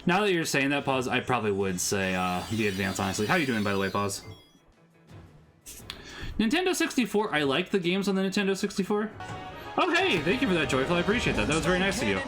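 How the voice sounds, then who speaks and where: A man's voice: medium pitch, a bit bright. A man co-hosting a casual game stream, chatting and answering viewers' comments. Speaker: streamer co-host. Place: home streaming setup.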